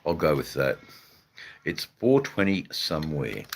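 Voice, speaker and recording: A man's voice: rumbling low, big pitch swings, a little slow, gravelly, slight background noise. An Australian man hosting a casual live chat with his viewers, laid-back and rambling, with lots of fillers and casual swearing. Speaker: livestream host chatting with viewers.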